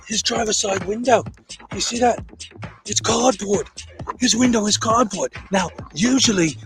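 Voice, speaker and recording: A man putting on an Australian accent, playing an excitable male wildlife-show presenter in a mock nature-documentary narration, hushed at times and bursting with excitement. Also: sits high, pitched below the performer's own voice, rough recording. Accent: put-on Australian. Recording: music playing clearly behind.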